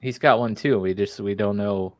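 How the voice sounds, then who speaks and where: A man's voice: on the low side, moderate pace, dry recording. A man playing a tabletop game, talking casually with lots of fillers and searching for words. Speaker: player. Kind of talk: casual chat.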